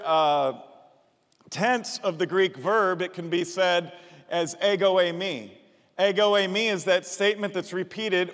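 A male pastor with a fairly high voice teaches his congregation from slides, lively and explaining as he goes. His voice carries a long reverb from a big hall. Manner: animated, explaining, invites congregation to repeat words.

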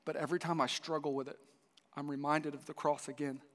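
A man's voice: a little high, level tone, fast, fairly bright tone. Man preaching in a reverberant hall. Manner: storytelling with many restarts, voices the dialogue. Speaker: pastor. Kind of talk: sermon.

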